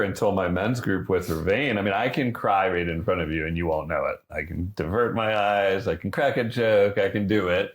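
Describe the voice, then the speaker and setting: A man hosting a podcast, chatting candidly and openly, laughing often and swearing casually. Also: sits low. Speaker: podcast host. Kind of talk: casual interview chat.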